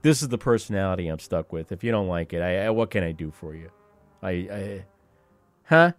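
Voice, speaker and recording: A man's voice: deep voice, lively intonation, fairly quick, no room sound, soft background music. A man in his fifties hosting a radio call-in show, talking in a wry, rambling way with profane asides. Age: 50s. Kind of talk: rambling talk radio monologue.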